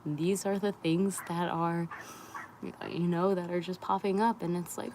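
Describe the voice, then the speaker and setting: A young woman speaks softly, slipping in and out of a half-whisper as she rambles through a candid live-stream talk. Her voice sits a little low for a woman. A faint hiss of noise lies underneath. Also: little pitch movement, unhurried, poor audio. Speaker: spiritual wellness creator.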